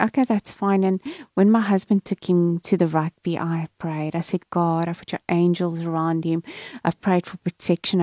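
A middle-aged woman with a low, mellow voice gives a devotional talk and slows down to read scripture aloud. The recording is dry and close, with no room sound. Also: no echo. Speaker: speaker giving a devotional talk. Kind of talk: devotional talk with scripture reading and personal testimony.

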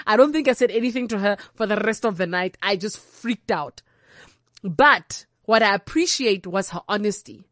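A young South African woman telling candid, comic stories from her own life, animated and unfiltered. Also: on the high side, dry recording, studio quality. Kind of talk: comic personal storytelling.

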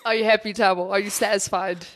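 A woman's voice: medium pitch, steady tone, quick pace. A young woman co-hosting a radio show, teasing her co-host with giggles and dry jabs in casual chat. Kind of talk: casual studio banter.

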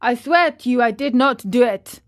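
A woman's voice: on the high side, moderate pace, natural voice. A woman voicing a surly, stubborn old carpenter in a storybook reading. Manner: surly, denying.

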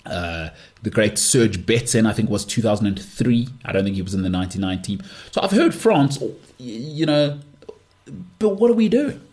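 A man's voice: fairly low pitch, animated, moderate pace, a little mellow. Emphatic man ranting on sport. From South Africa. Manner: emphatic, dismissive, repeats phrases for effect. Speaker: podcast host. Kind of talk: opinionated solo sports talk.

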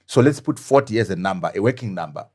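A man's voice: on the low side, animated, fast, darkish tone, husky. A middle-aged man from Zimbabwe, a former deputy prime minister, speaking as an interview guest, emphatic and fond of rhetorical questions. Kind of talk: animated political interview.

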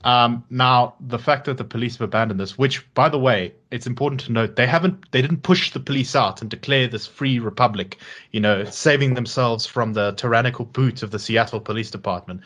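A man co-hosting a podcast, chatting casually with halting restarts and dry sarcasm. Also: mid-range voice, a bit bright. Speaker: podcast co-host. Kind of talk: casual political chat.

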